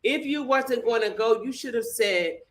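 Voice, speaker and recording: A woman's voice: fairly high pitch, moderate pace. Firm plainspoken woman co-host. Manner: firm, steady, plainspoken opinions. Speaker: co-host, the host's mother. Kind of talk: casual live review chat.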